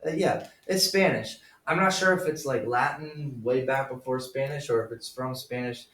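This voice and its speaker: A man's voice: mid-range voice, moderate pace, fairly bright tone, slight background noise. A man teaching a German class, patiently explaining pronunciation and calling on students by name. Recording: roomy classroom from far off.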